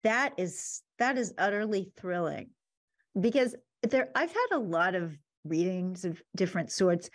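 A woman hosting a podcast, speaking slowly and enthusiastically. The recording is dry and close, with almost no room sound. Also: on the low side, lively intonation, no echo. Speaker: podcast host. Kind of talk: casual interview chat.

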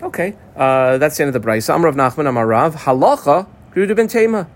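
A man's voice: a little high, lively intonation, very fast. A man teaching a Talmud lesson in a casual, chatty way, explaining and translating terms with many fillers and restarts.

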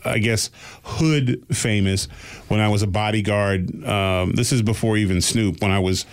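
A man telling a long story in a casual, animated way, with voices for the people he quotes. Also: fairly low pitch, normal speed, clear, resonant tone. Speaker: podcast guest telling a story.

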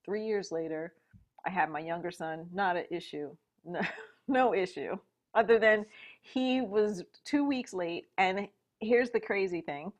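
Low-voiced woman telling a story. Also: measured pace. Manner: animated storyteller, frequent fillers and asides. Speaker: guest. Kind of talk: personal storytelling in conversation.

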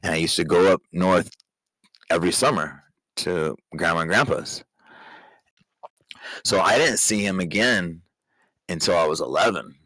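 A podcast host with a very low voice delivers a personal monologue to his daughter, candid and emotional, halting and restarting as he goes. His tone is bright and forceful, and the low-quality recording is dry and close with no echo or room sound.

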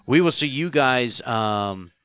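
A man's voice: medium pitch, expressive, slow, a bit bright, clean tone, no room sound. A man hosting a casual livestream. He rambles with lots of fillers and says he is losing his voice. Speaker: livestream host.

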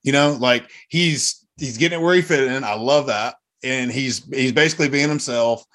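A man's voice: medium pitch, moderate pace, a bit bright. A man chatting on a podcast panel, hesitant and repeating "I" as he starts his thoughts. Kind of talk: casual podcast chat.

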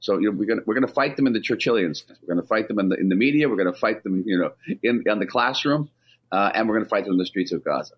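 A man's voice: fairly low pitch, lively intonation, racing, slightly rough. A man being interviewed on the radio, speaking urgently and emphatically, often restarting his sentences. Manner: emphatic and insistent, with frequent restarts. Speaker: ambassador, interview guest.

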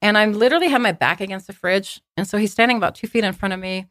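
A woman telling a personal story on a podcast, in a casual, animated way, acting out what people said with many fillers. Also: mid-range voice, racing, no echo, clean studio sound. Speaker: guest telling her story.

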